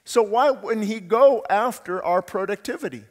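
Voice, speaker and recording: A man's voice: high-pitched, moderate pace. A man preaching a sermon as pastor, earnest and conversational, asking the congregation rhetorical questions. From California, USA. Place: church sanctuary. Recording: long church hall reverb.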